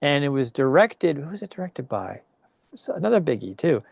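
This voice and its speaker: A man's voice: on the high side, sing-song, normal speed, creaky, a little mellow, no room sound. An older man, a podcast guest, chatting casually and telling rambling anecdotes with quoted voices. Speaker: podcast guest, longtime teacher in Japan. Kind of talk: casual storytelling chat.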